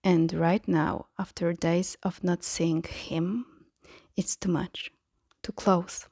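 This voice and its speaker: A woman narrating a fan-fiction audiobook in a soft voice that often slips into a whisper. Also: lowish voice, level tone, slow pace, no room sound, clean studio sound. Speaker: podfic reader.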